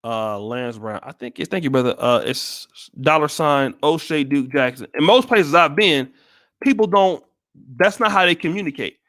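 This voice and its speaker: In casual livestream commentary, an American man from the United States speaks bluntly and profanely at normal speed, with many restarts. His voice is on the high side, slightly bright, with lively intonation. The sound is studio quality and echo-free.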